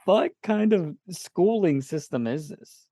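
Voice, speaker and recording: A man's voice: sits high, expressive, slow, vocal fry, mellow, no room sound, studio quality. A man co-hosting a casual book club podcast, laid-back and profane, laughing often. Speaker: podcast co-host.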